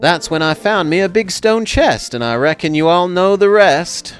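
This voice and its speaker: A man's voice: high-pitched, animated, normal speed, faint music behind, pitched above the performer's own voice. A man doing a put-on Texan accent to voice a folksy old cowboy who owns a fossil park, drawling as he reads the game's lines.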